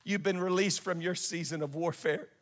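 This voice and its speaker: A man with a high-pitched voice delivers an impassioned sermon. He tells the story with a rising and falling intensity, from loud cries to soft, hushed lines. His voice rings through a large hall with a long reverb tail. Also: steady tone, moderate pace. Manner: impassioned storytelling, swinging from shouts to hushed tones. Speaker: preacher.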